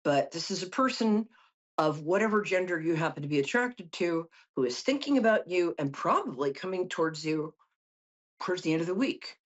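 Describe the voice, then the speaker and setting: A woman's voice: fairly low pitch, expressive, normal speed, highs cut off. A middle-aged woman hosting a call-in psychic show, reading tarot cards in a chatty, joking way with lots of asides. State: tired from no sleep. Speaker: psychic host.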